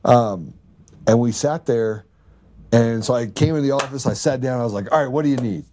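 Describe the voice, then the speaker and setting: A man's voice: mid-range voice, fairly quick, dark tone, a little hiss or hum. A man hosting a podcast, telling anecdotes in casual chat and laughing often. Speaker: podcast host.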